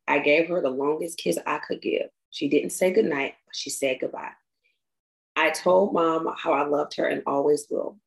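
Tearful young woman with a creaky voice. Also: deep voice, poor audio. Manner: halting, emotional reading with restarts. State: tearful, crying. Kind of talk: reading a personal memorial tribute aloud.

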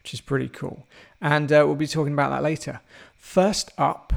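A man's voice: a little high, fairly even intonation, normal speed, gravelly. A man co-hosting a casual film podcast, laughing often as he chats. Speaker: podcast co-host.

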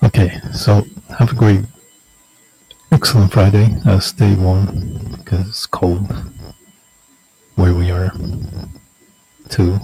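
A man casually signing off his weekly videos in a slow, meandering, self-mocking way, joking that he can't stop sounding sarcastic. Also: low-pitched, little pitch movement, creaky, mellow, soft background music, poor audio. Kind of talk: rambling casual sign-off.

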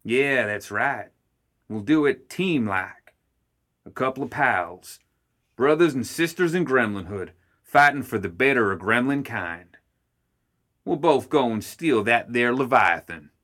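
A man's voice: mid-range voice, expressive, measured pace, a bit bright. A man voicing a brash, scheming female gremlin matriarch who talks in backwoods slang. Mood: sly, scheming. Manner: backwoods slang, bossy and sly.

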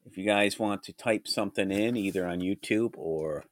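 Guy with a cold, really low groggy voice, rambling on his podcast, dry close mic. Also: moderate pace, no room sound. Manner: rambling, reflective, with restarts. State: hoarse from a cold. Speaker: podcast host. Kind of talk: solo podcast chat. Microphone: studio mic.

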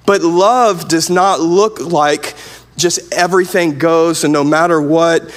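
A man's voice: on the high side, steady tone, slow pace. A man preaching a sermon as pastor, earnest and conversational, often restarting his sentences.

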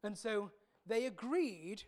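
A woman's voice: medium pitch, lively intonation, slow pace, a little mellow. A woman preaching a sermon in a frank, conversational way.

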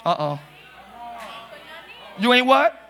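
A man preaching a live sermon as pastor, talking to the congregation in a loose, joking way and breaking into loud shouts. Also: extremely high pitch, big pitch swings, takes it slowly, some chatter behind. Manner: conversational, jokey, bursts into shouts. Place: church sanctuary.

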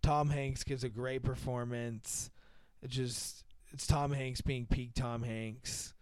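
A man's voice: mid-range voice, fairly even intonation, takes it slowly, darkish tone, clean tone, no echo. A man hosting a casual movie chat, rambling and laughing, with lots of fillers. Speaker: podcast host.

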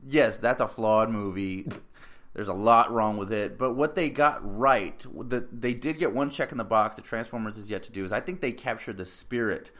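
A man co-hosting a casual movie review chat, rambling and opinionated, who now and then mocks characters in squeaky put-on voices. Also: normal speed, a bit bright. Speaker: podcast co-host.

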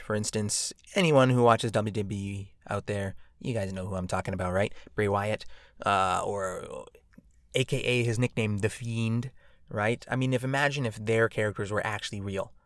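A man's voice: on the low side, no echo, studio quality. A man hosting a podcast alone, rambling and joking with lots of fillers and tag questions. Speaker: podcast host. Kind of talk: casual podcast monologue.

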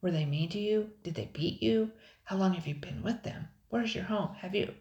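A woman's voice: medium pitch, darkish tone, lo-fi sound, natural voice. A woman reading a storybook aloud, voicing a talkative, defiant young girl. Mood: excited. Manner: rapid-fire questions, defiant. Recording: roomy echo.

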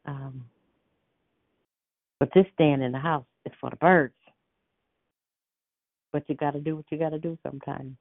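Over a tinny phone line, a woman leads a prayer line, praying fervently and repeating words of praise and thanks. Her very deep voice moves a little slowly, with vocal fry and long pauses. There's no room sound, and she's speaking into a phone.

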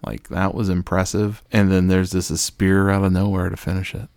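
A man's voice: deep voice, flat delivery, normal speed, creaky, darkish tone, smooth, dry recording, clean studio sound. A man co-hosting a podcast, chatting casually and sarcastically about a wrestling show. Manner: wry, sarcastic, rambling. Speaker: podcast co-host.

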